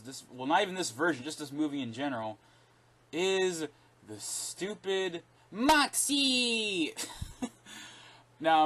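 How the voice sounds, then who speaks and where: Rambling, opinionated young-sounding man. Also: fairly high pitch. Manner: rambling, with frequent restarts and self-corrections; animated and opinionated, laughing between points. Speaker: video reviewer. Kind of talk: casual spoken review.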